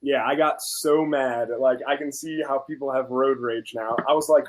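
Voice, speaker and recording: A young adult man and host of a food channel, chatting casually and telling a story with lively acted-out quotes. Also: mid-range voice, moderate pace, poor audio. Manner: animated storyteller, acts out quotes.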